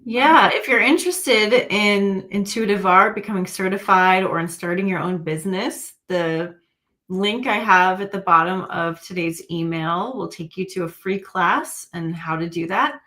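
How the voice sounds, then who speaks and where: A woman's voice: medium pitch, measured pace, sharp tone. A woman hosts a casual livestream with a mid-range voice. She talks to her viewers in an encouraging pep-talk manner. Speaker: livestream host and intuitive coach.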